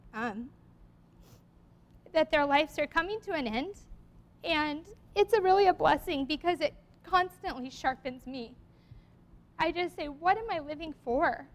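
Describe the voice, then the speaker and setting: A woman's voice: sits high, fairly bright tone. A woman giving a heartfelt, earnest church talk to her congregation, at times reading a poem aloud and close to tears. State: tearful at times. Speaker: lay speaker at church.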